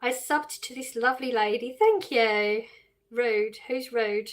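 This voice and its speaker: An adult Englishwoman with children is live streaming, reading out viewers' questions and answering them casually, laughing often. Her voice is slightly high and her pace slightly slow.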